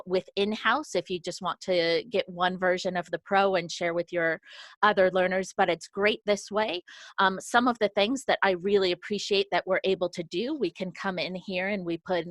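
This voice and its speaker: A woman from an education program giving an upbeat, organized walkthrough of a software tool while sharing her screen on a video call. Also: medium pitch, no room sound. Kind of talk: screen-share software demo.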